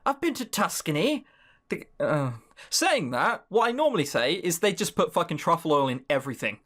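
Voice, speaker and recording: A man hosting a let's-play, giving casual game commentary in a sweary, sarcastic, animated way. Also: fairly high pitch, moderate pace.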